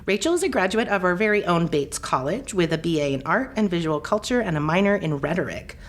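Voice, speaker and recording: A woman hosting a casual interview podcast, playful and quick to laugh. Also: fairly low pitch, lively intonation. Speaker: podcast host.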